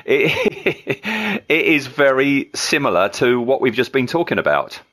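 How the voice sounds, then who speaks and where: A man hosting a casual film podcast, chatty and relaxed, with frequent ums and chuckles. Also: medium pitch, unhurried. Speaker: podcast host.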